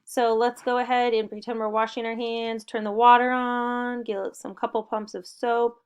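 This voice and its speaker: A woman's voice: a little high, flat delivery, normal speed, clean tone. A woman teaching a spelling lesson to young children, giving upbeat and encouraging step-by-step instructions. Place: home recording.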